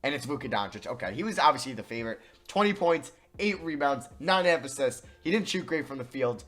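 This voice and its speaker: Young man shouting over a basketball game. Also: mid-range voice. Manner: excited, pleading with players, big swings from mutter to yell. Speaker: gaming YouTuber. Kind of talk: game commentary.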